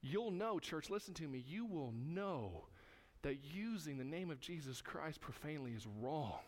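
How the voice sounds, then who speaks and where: Pastor guy preaching, fairly high voice, punchy, repeats lines for emphasis, talks straight to the church. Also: expressive, normal speed. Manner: emphatic, repetitive, direct address. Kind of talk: sermon.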